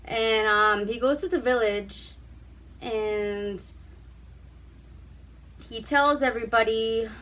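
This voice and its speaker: A woman recapping a film in a loose, profane and chatty way, taking her time with each sentence. Her voice is bright and clear, with a relaxed, unhurried pace. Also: a little high. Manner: profane, chatty, acts out quotes. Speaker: vlog host reviewing a movie. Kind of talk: casual movie recap.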